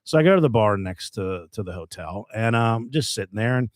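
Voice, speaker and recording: A man's voice: on the low side, fairly quick, no echo, studio quality. A man from Maryland, a comedian, telling a story in casual podcast chat and acting out what people said. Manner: animated storyteller, acts out dialogue.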